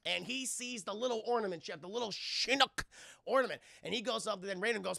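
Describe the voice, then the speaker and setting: A young adult man recapping a film on a live stream in a casual, animated, profane way, talking to his chat. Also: sits high, fast talker, gravelly, no echo, clean studio sound.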